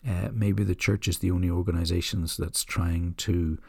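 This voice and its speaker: Low, gravelly man telling a story. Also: little pitch movement, dry recording, studio quality. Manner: gentle, unhurried storytelling with soft asides. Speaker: podcast host. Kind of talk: reflective storytelling talk.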